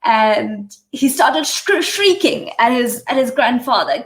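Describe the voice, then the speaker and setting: Slow-telling woman in a roomy space. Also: sits high, expressive. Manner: measured, with restarts and asides. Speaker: spiritual teacher. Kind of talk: storytelling in a live session. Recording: roomy echo.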